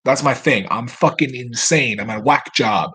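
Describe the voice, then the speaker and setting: A man's voice: mid-range voice, normal speed, bright, forceful tone, slightly rough. A man at home, talking straight to camera in a rambling, profane, self-mocking monologue. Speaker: vlogger.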